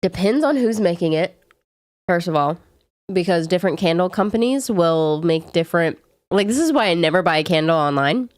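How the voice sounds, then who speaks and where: Speaking at a normal speed in a lowish, darkish voice with lively intonation, a young Southern US woman chats with her live-stream viewers while sick. She rambles chattily, answering their questions and saying "like" often, in clean studio sound with no room noise.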